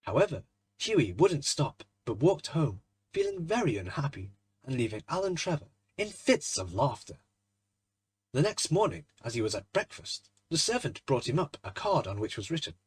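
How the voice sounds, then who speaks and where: Husky-voiced man narrating a classic story. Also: medium pitch, very animated, normal speed, no room sound.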